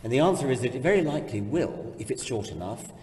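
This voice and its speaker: A man speaking on stage in a public discussion, explaining ideas in a measured, precise way. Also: mid-range voice, lively intonation, darkish tone. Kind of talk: thoughtful onstage discussion. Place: large hall, in front of an audience. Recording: roomy hall, distant mic.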